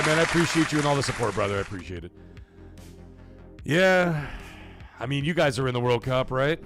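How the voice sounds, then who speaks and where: Guy hosting a stream, rambly and swears a lot, gravelly voice that swings up and down, faint music behind. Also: on the high side, fast talker, a crowd in the background. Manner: rambling, profane, animated. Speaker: livestream host. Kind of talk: casual livestream chat, reading chat messages.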